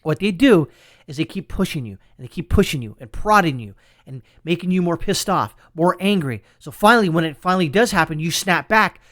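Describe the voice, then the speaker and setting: A man's voice: a little high, lively intonation, a little fast, a bit bright. A man hosting a political commentary show, talking in an emphatic, sarcastic rant. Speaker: commentary channel host.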